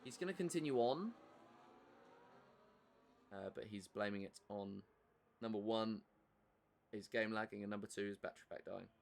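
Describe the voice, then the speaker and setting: A man's voice: lowish voice, moderate pace, vocal fry, long pauses. A man with an English accent giving live commentary on an online racing league, chatty and answering viewer messages between race updates.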